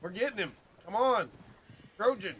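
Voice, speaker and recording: A man's voice: high-pitched, lively intonation, normal speed, fairly bright tone, slight background noise. A man giving casual commentary while playing a video game, talking to his horse and getting frustrated at the game. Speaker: gamer.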